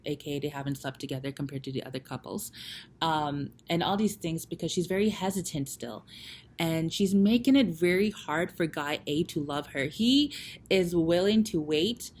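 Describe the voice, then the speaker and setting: Low-voiced chatty woman vlogger. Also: a little mellow, a little hiss or hum. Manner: chatty, lots of fillers, retells scenes in quoted voices. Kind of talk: casual storytelling reflection.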